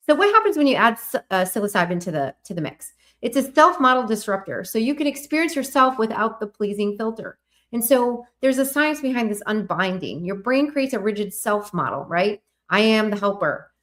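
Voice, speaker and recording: A woman's voice: mid-range voice, a bit bright. A woman hosting a live online workshop, talking earnestly in a coaching manner and putting questions to her audience. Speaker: host.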